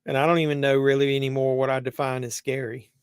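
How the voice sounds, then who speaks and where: A man's voice: medium pitch, little pitch movement, quick pace, clear, resonant tone, no room sound. A man hosting a live movie watch-along, rambling conversationally with many fillers and restarts. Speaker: host.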